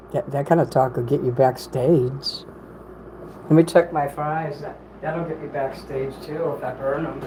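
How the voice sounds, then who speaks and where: Guy livestreaming while eating, kinda high voice, swears a lot, says sorry a lot, faint hum in the room. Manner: rambling, apologetic, swears casually. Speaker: livestream host reading chat.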